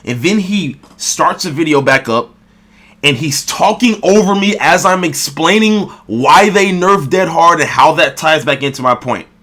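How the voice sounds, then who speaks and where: A man's voice: a little high, expressive, measured pace, fairly bright tone. A gaming video creator, a man, ranting in a response commentary, irritated and swearing heavily.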